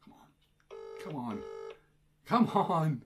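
A man hosting a prank-call video, chatting casually and excitably between calls. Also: fairly high pitch, slight background noise. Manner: excitable, exclamatory, quick to laugh. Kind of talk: casual vlog chat.

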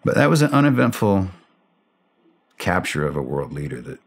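A middle-aged man, a former special operations soldier, telling a war story in a podcast interview, animated and blunt, acting out the dialogue. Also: deep voice, moderate pace, husky.

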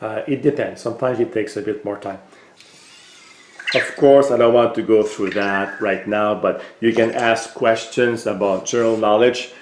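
A man casually demonstrating a gadget in a relaxed, explanatory way, with frequent hesitant fillers. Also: on the low side, normal speed, a little hiss or hum. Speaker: tech vlogger. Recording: roomy echo.

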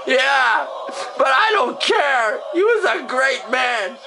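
Sarcastic vlogger, man, high voice, slow delivery, mock sobbing and shouting. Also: very animated, creaky, crowd noise, noisy background. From Canada. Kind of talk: mock-grieving comedy rant.

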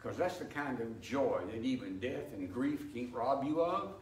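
This older man has a medium-pitched, animated voice and talks at a normal speed while teaching a church Bible study. He explains in a folksy way and tells homey stories, captured in a sanctuary with echo, distance, and faint background ambience.

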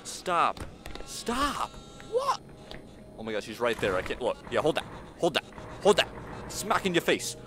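A man's voice: mid-range voice, big pitch swings, a little fast. Jumpy man playing a horror game. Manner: jumpy and panicky, pleading and talking back to the monster. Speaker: gaming channel host. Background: game music.

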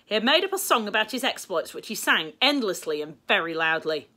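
A woman with a Northern English accent reading a children's storybook aloud, lively and expressive. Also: mid-range voice, brisk, hardly any pauses.

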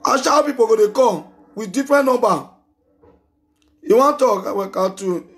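A man with a Nigerian Pidgin English accent hosting a live call-in show, loud, scolding and repetitive. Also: high voice, animated, normal speed. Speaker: talk show host taking calls.

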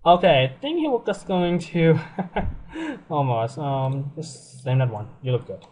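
A young man talks through his game in a loose, chatty commentary. His voice sits somewhat high and swings widely in pitch, and he laughs and swears easily. A faint hiss lies under the recording. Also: unhurried. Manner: excitable, laughs often, swears freely. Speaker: let's play gamer.

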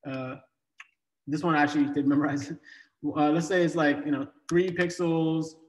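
A man's voice: a little high, flat delivery, moderate pace. Casual joking male coding instructor. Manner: casual, joking, many fillers and restarts. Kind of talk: live online coding lesson. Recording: echoey room with long reverb.

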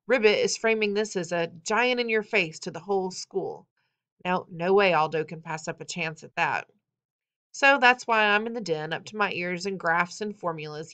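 Brief: female reader, wry expressive first-person novel narration, lowish voice. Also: moderate pace. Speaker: audiobook reader.

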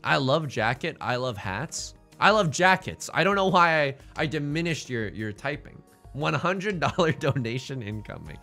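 A man's voice: a little high, big pitch swings, normal speed, sharp tone, faint music behind. A male streamer giving casual, joking commentary on his game and reading chat in a playful, self-mocking way.

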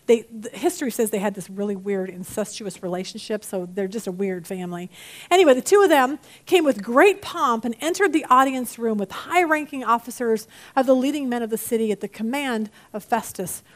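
A woman teaching a Bible study lesson in a chatty, animated way, acting out the people she quotes. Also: a little high.

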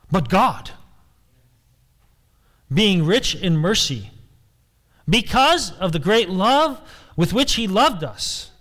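Male pastor, sermon, emphatic, fairly high-pitched, repeats himself for stress, asks questions. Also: fairly bright tone.

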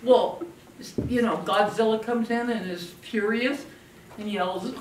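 An older woman giving a parenting talk to an audience, telling stories in an animated way and acting out children's voices. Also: medium pitch, measured pace, echoey room, far from the mic, slight background noise. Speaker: parenting speaker.

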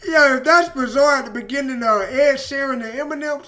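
High-voiced hyped young man reacting. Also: brisk. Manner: hyped, slangy, bursts into exclamations. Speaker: reaction video host. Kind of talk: excited music reaction chat. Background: loud hip hop track playing.

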